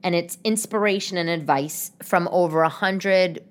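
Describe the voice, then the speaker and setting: A woman hosting a casual solo podcast from her living room, chatty and rambling, with sudden sarcastic high-pitched outbursts. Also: normal speed. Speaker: podcast host.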